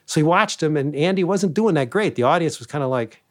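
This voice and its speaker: A man who once managed a comedy club, telling animated backstage stories and acting out what people said. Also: on the high side, fast, hardly any pauses. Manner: animated anecdotes, acting out quoted lines. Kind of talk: storytelling interview guest.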